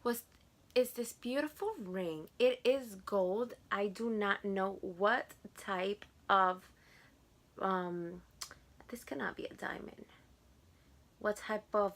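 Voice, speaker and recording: A woman's voice: medium pitch, slow, a bit bright. Gushing young woman with a Spanish accent. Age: 20s. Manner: chatty, gushing, repeats words for emphasis. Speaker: vlogger. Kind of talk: casual haul chat to camera.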